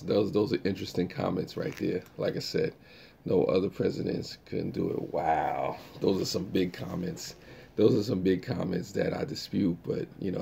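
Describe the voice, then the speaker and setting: A man's voice: low voice, gravelly, warm tone, slight background noise. A man hosting a live stream, chatting casually and reacting to viewer comments in a laid-back way.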